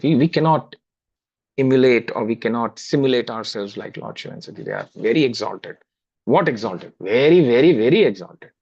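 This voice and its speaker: Indian-accented male speaker, anecdotal spiritual talk, mid pitch, lo-fi video call sound. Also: darkish tone, breathy edge. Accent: Indian English. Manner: anecdotal, repeats words, conversational. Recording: dull lo-fi video call audio.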